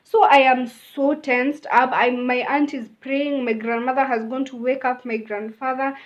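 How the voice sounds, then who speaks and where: A woman's voice: sits high, fairly even intonation, normal speed. Chatty young Kenyan woman, lo-fi sound. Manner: chatty, mixes in Swahili phrases. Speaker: vlogger. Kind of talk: casual storytime.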